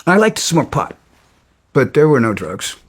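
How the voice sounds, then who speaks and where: A middle-aged man recounting his past in an interview, halting with frequent restarts. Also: on the high side, sing-song, breathy edge. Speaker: guest. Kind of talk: storytelling interview.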